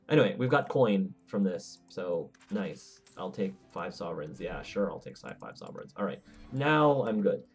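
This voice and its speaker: Rambling low-voiced gaming commentator. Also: male voice, sing-song, normal speed, hardly any pauses, breathy edge, faint music behind. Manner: rambling, self-correcting, chatty. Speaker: let's play host. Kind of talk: casual gameplay commentary.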